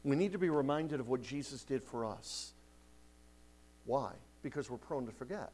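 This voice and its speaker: A man preaching an expository sermon, emphatic, slowing down to read scripture and rising in force on key points. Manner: emphatic, swells louder on key points then drops low; slows and stretches scripture quotes. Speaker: pastor.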